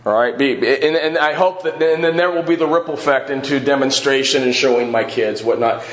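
A man's voice: mid-range voice, brisk, fairly bright tone. A middle-aged man leading a church Bible class, earnest and often checking in with the group with "all right?". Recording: echoey room.

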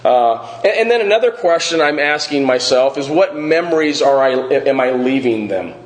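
A man's voice: medium pitch, animated, moderate pace. Earnest male Bible class teacher. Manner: earnest, asks the group questions, often adds "all right?". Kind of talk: church class discussion. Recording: echoey room.

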